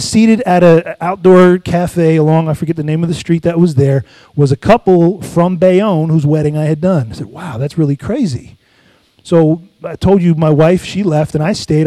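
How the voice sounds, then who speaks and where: A middle-aged pastor preaches in a high, light man's voice, pausing to draw amens from the congregation. The sound is close and dry, with no room echo. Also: dark tone. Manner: call-and-response preaching, asks congregation for amens. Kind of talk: sermon with personal stories.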